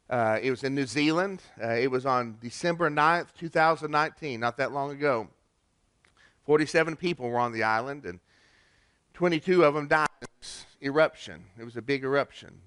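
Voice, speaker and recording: A man preaching a Christmas sermon, earnest, with pauses and restarts. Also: mid-range voice, fairly bright tone, clear, resonant tone, no room sound. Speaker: pastor.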